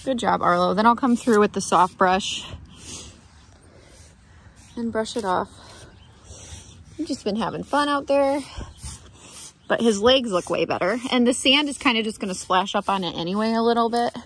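A woman's voice: on the high side, normal speed, pauses often, fairly bright tone. A woman talking casually while grooming her horse, chatting to the camera and cooing to the horse between tips. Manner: chatty, talks baby talk to her horse. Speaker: horse riding vlogger. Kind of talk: casual vlog narration. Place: outdoors at a horse barn.

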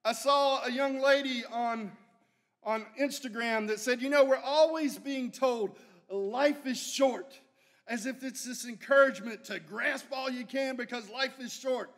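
A man's voice: very high voice, measured pace, a bit bright. A man delivers a sermon as a guest preacher. He talks in a folksy, storytelling way and builds his points by repeating phrases.

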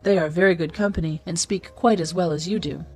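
A woman's voice: on the low side, fairly quick, slightly rough, faint music behind. A scornful wicked fairy, as a woman reads her. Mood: coaxing. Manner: disdainful, commanding. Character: spiteful ugly female fairy, scornful and possessive.

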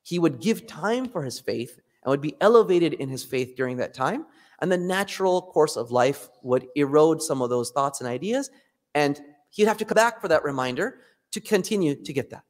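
A man giving a Friday sermon, retelling stories in an animated way and acting out the quotes. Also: on the high side, normal speed. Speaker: preacher. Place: mosque hall. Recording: long hall reverb.

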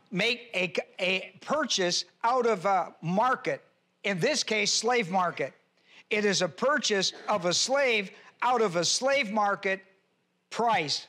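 A male pastor teaching a sermon verse by verse, reading scripture aloud and slowing down to stress key words. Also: sits high, sharp tone. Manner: reads scripture aloud and spells out Greek words. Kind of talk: expository Bible teaching sermon.

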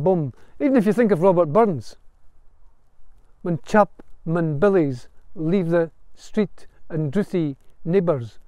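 A man speaking as a bard and storyteller gives an earnest spoken lecture on Gaelic song and history, in a storytelling cadence with a few restarts. His voice is high with a dark tone, and the recording is dry.

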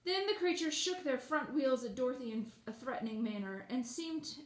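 Woman reading a storybook, high voice, expressive, roomy echo. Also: normal speed. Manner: expressive, apologetic asides. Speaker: audiobook reader. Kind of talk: storybook read-aloud.

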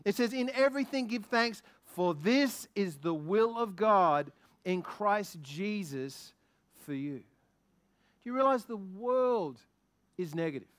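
A man preaching a sermon as a guest minister, excitable and lively, asking the congregation many questions. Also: high-pitched. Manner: excitable, quickens when stirred.

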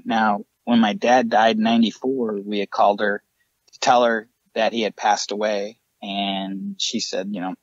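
A man's voice: on the low side, steady tone, unhurried, no room sound, dull audio. A man, a paranormal investigator, earnestly recounting his ghost encounters as a podcast guest. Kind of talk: storytelling in a podcast interview.

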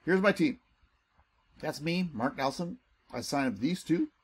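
Man, husky, fairly high voice, excitable sales pitch over a screen share. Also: a little slow. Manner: excitable and salesy, pitch jumps when enthused. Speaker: network marketing recruiter.

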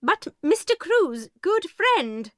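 A woman voicing a stern, angry headmistress who talks in a sharp, indignant and emphatic way. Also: very high-pitched, big pitch swings, takes it slowly, no room sound, clean studio sound, voice pushed up, full character voice. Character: stern, angry female headmistress, middle-aged.

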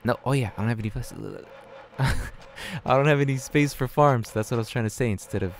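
A young man giving casual let's-play commentary on a strategy game, flustered and self-mocking, thinking out loud with many fillers. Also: mid-range voice, brisk, gravelly, a little hiss or hum. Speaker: gaming channel host.

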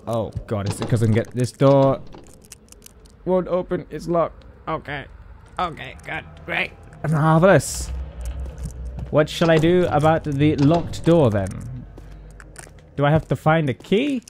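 A man's voice: on the high side, lively intonation, measured pace, long pauses, a little mellow, slight background noise. A British man commentating a horror game, jittery and jokey, chatting to objects as he goes. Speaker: gaming YouTuber. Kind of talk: horror let's-play commentary.

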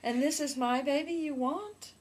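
A young woman chatting casually about a movie, playful and teasing, dropping into hushed asides. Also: high voice, moderate pace. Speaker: movie reviewer. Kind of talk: casual comedic chat.

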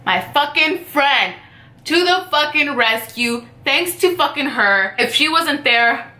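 Bright-voiced woman, swearing casual storyteller. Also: high-pitched, animated, slow, roomy sound. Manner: profane, rambling, heavy use of "like". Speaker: vlogger telling a personal story.

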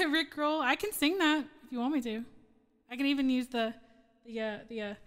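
A woman's voice: sits high, normal speed, fairly bright tone, long reverb tail. A woman streamer and singer chatting casually with her live chat, rambling and giggling as she loses her train of thought.

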